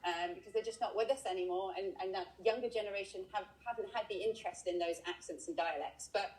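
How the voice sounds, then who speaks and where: A woman's voice: mid-range voice, quick pace, a little mellow, rough recording. A woman from England giving a live walking tour outdoors over a video call, explaining in a chatty way with frequent ums. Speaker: tour guide. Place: outdoors by a river.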